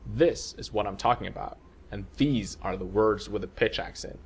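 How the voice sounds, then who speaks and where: A man calmly explaining a language lesson, played from a video. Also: on the low side, moderate pace, gravelly, slight background noise. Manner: calm, explanatory. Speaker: language teacher.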